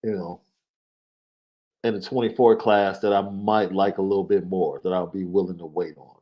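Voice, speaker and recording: A man co-hosting a casual sports talk show, measured, repeating his points for emphasis. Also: low-pitched, steady tone, highs cut off. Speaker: podcast co-host, recruiting analyst.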